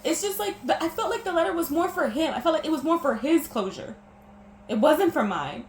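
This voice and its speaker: Brisk, expressive, and pitched high, a young woman's voice tells of her breakup on a personal vlog. Emotion shows as she sniffles, gets teary, and stumbles into restarts. Faint background noise lingers in an echoey room.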